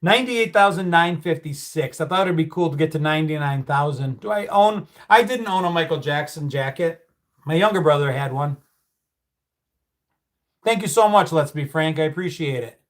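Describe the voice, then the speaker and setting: Middle-aged man, livestream host, relaxed storyteller, a touch high-voiced, swears freely. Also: normal speed. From United States. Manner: storytelling, reads out viewer comments, swears casually. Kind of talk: casual livestream chat.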